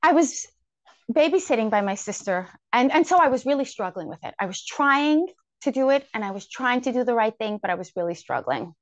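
High-voiced woman telling her story. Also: fairly quick, no echo, lo-fi sound. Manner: animated, acts out her own inner thoughts. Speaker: guest speaker. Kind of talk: personal story told to a live audience.

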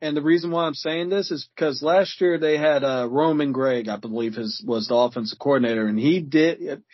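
Rambling guest with a dull lo-fi sound. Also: male voice, a little high, brisk, dry recording. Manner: rambling, searches for words, fills with "I mean". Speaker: podcast guest. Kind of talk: casual sports chat. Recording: dull lo-fi remote audio.

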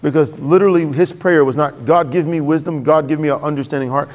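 A man's voice: on the high side, fairly even intonation, fast. Man preaching in a reverberant hall. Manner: conversational preaching, acts out quoted voices. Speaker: pastor. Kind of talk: sermon.

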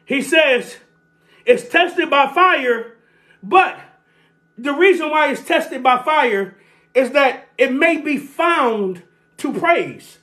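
A preacher delivering a sermon, repeating key phrases, calling for responses and shouting at the peaks. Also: high voice, lively intonation, slow pace. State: sweating.

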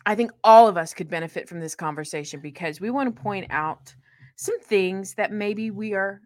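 A woman's voice: dry recording, studio quality. A woman co-hosting a faith podcast in casual, playful chat. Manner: animated, playful, swings in pitch. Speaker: podcast co-host.

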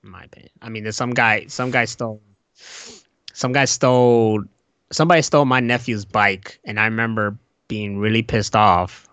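Excitable man, casual swearing chat. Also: normal speed, clean tone, dry recording. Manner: excitable, swearing, jumps into high put-on voices when quoting. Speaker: podcast co-host.

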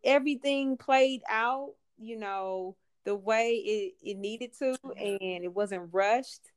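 A woman guest on a podcast, excited and chatty. She often stops and restarts her sentences. Her voice is mid-pitched. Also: smooth. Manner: enthusiastic, halting, restarts often. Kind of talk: casual podcast chat.

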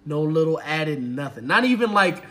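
A man's voice: fairly high pitch, normal speed. A man on a podcast, casually retelling a story with lots of swearing and laughter. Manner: profane, laughing, animated retelling. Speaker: podcast co-host.

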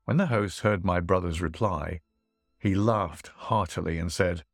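A man narrating a classic tale in a measured, expressive reading. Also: low voice, no room sound, studio quality, soft background music. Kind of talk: audiobook storytelling.

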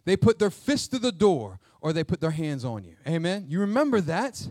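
Man, pastor, high voice, animated conversational sermon, dry close sound. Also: no room sound. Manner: animated, conversational preaching with quick jokes and asides.

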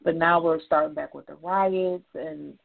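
A woman's voice: deep voice, steady tone, a little slow, gravelly. A woman, a mother and guest on a casual podcast, speaking earnestly and heartfelt in short repeated phrases. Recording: tinny phone-line sound.

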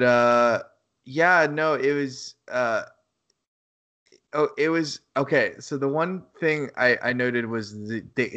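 A man with a medium-pitched, slightly bright voice co-hosts a casual podcast chat, rambling loosely and swearing a lot. He acts out lines in a raised voice and laughs at his own quotes.

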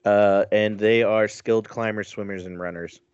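A man's voice: on the low side, steady tone, normal speed, a little mellow, a little hiss or hum. A man co-hosting a casual chat, joking and laughing along. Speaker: co-host. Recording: dry, dull lo-fi sound.

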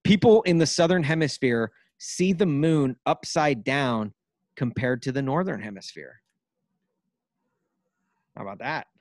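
A man's voice: mid-range voice, animated, measured pace, long pauses, darkish tone, no echo. A man co-hosting a podcast in casual chat, rambling and laughing a lot. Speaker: podcast co-host.

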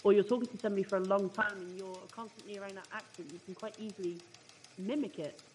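A woman's voice: mid-range voice, steady tone, quick pace, slight background noise. A woman co-hosting a radio talk show, chatting and musing with enthusiasm. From United Kingdom. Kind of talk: casual radio chat.

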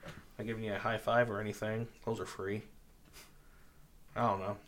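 Deadpan joking podcast host man. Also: fairly low pitch, fairly quick. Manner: deadpan joking, drifts into loud mock bits. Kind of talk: casual comedic chat.

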